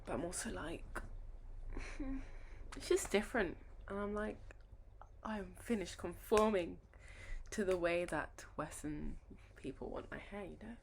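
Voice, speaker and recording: A young woman talking casually in a home vlog, relaxed and chatty with lots of fillers. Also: on the low side, normal speed, vocal fry, a little hiss or hum. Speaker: vlogger and podcast host. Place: home kitchen and garden. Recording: music playing underneath. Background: music.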